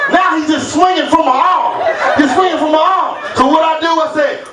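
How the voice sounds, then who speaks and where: A man performing a stand-up comedy set, telling a story loudly and acting out the voices of its characters. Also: extremely high pitch, moderate pace, hardly any pauses. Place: comedy club stage. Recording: roomy club sound from a distant mic with crowd laughter.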